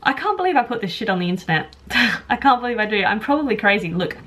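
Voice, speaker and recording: A woman's voice: medium pitch, very animated, fast, a bit bright. A young woman talking frankly to camera at home, rambling and self-mocking as she gives tips. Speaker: vlogger and childminder. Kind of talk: candid talk to camera. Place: home, moving between rooms.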